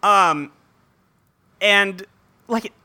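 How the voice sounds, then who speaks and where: A woman co-hosting a casual podcast, recapping a show with loud exclamations and mock outrage. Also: mid-range voice, drawn-out words. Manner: exclaiming, swearing, dramatic outrage. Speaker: podcast co-host.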